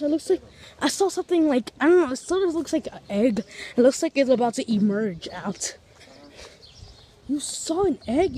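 Chatty higher-voiced woman vlogging outdoors. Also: dark tone. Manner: chatty, piles on big vocabulary words; talks to viewers while walking. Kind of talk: casual walking vlog. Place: outdoors on streets and in a park.

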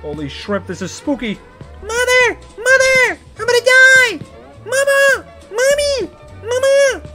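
Mr. Krabs, a bright, lively pirate crab. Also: male voice, high-pitched, measured pace, loud music behind the voice, exaggerated voice. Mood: panicked. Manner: salty pirate-like growls, frantic yelling. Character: gruff greedy old sea captain crab boss. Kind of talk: in-character gaming commentary.

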